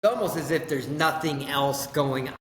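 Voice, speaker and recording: A man's voice: a little high, fairly even intonation, normal speed, fairly bright tone. Man, co-host, skeptical, questioning, casual political chat, roomy echo, faint background noise. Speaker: podcast co-host. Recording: echoey room with long reverb, faint noise.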